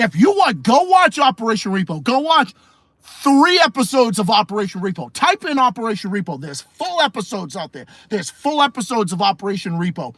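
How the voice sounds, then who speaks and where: A man's voice: sits high, big pitch swings, a little fast, a bit bright, dry recording. A man hosting a late-night livestream podcast, ranting casually, swearing a lot, repeating himself and laughing often. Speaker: podcast host and streamer.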